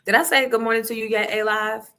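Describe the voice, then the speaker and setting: Animated, profane woman livestream host. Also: a little high, fast, clean tone. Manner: animated, profane, acts out voices in her story. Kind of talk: casual chat, storytelling.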